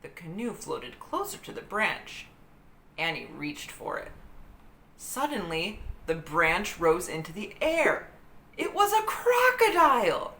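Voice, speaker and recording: Slow, expressive woman reading a story aloud. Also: low-pitched, creaky. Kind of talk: children's book read-aloud. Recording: roomy echo with faint hiss.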